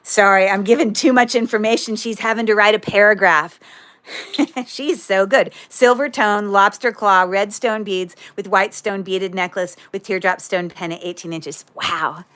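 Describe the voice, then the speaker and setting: A woman's voice: medium pitch, steady tone, a little slow, a bit bright. A woman hosting a livestream jewelry sale, chatting casually with viewers in a rambling way, breaking off mid-sentence and dropping corny puns.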